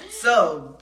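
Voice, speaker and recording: A woman's voice: mid-range voice, echoey room, far from the mic. A woman hosting a podcast in a studio, talking casually and frankly, laughing often and swearing freely. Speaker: podcast host.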